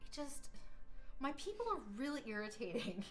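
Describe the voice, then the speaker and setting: An American woman chatting casually on a live stream, telling rambling, animated stories. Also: high voice, moderate pace, soft background music. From United States. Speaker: streaming artist.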